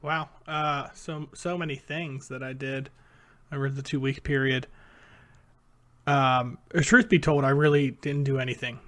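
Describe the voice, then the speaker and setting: A man's voice: medium pitch, steady tone, unhurried, a bit bright. A man in his thirties chatting on a podcast in a rambling, hesitant way with many fillers. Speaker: podcast co-host. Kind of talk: casual podcast chat.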